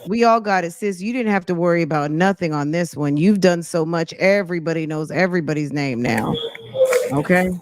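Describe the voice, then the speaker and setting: A woman's voice: on the low side, fairly quick, darkish tone. A woman giving sassy, teasing commentary as she reacts to a video.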